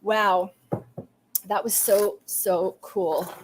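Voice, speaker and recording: A woman's voice: medium pitch, fairly even intonation, extremely slow, noisy background. Gushing woman psychic host. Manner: soft, emphatic, gushing with many fillers. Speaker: psychic medium and podcast host. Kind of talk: live-streamed intuitive reading.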